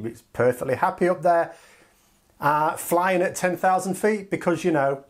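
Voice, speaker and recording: A man from the United Kingdom, giving sardonic, animated political commentary in a casual vlog. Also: fairly high pitch, normal speed. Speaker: political vlogger.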